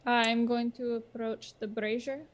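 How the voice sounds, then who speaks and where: A woman's voice: fairly high pitch, little pitch movement, unhurried. A woman playing a tabletop game, thinking aloud hesitantly as she decides her actions. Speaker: player. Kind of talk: casual tabletop game play.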